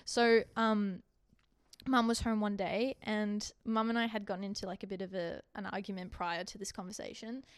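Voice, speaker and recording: Telling a personal story on the podcast she co-hosts, this young Australian woman stays animated and performs the quoted lines herself. Her medium-pitched voice is clear and resonant at a moderate pace, captured in a clean, dry studio recording.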